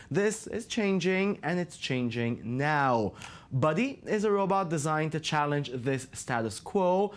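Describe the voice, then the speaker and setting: A man presents a tech news roundup with a fairly high, lively voice. He reads the script briskly and drops in dry, sarcastic quips between the stories. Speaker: news show host. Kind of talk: scripted news segment with jokey asides.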